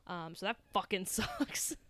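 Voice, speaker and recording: A woman co-hosting a podcast, recapping a film in casual chat, animated and swearing as she acts out lines. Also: lowish voice, normal speed. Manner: animated retelling with quoted voices, swearing. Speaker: podcast co-host.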